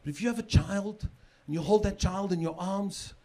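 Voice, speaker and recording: On a comedy club stage, a middle-aged South African man performs a chatty stand-up set in a voice that sits high but has a dark tone, at normal speed. The live recording catches the audience laughing, and he repeats words often while working up to a punchline.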